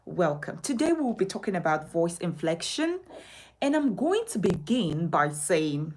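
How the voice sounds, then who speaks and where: Animated, slow-talking woman teaching live. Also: lowish voice, slight background noise. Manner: animated, emphatic, asks and answers its own questions. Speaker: communication coach. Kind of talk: live-streamed lesson. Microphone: phone.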